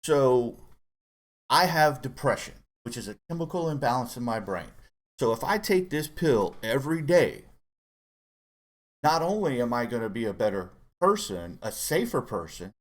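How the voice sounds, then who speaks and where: A middle-aged man telling a candid personal story in casual chat, earnest and halting as he opens up. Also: mid-range voice, big pitch swings. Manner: earnest, halting, open about emotion. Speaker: co-host guest dad.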